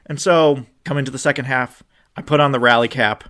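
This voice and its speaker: A man co-hosting a podcast, ranting about football with an animated, swearing delivery that climbs toward near-shouts when he gets upset. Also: mid-range voice, fairly quick. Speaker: podcast co-host. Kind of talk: ranting sports chat.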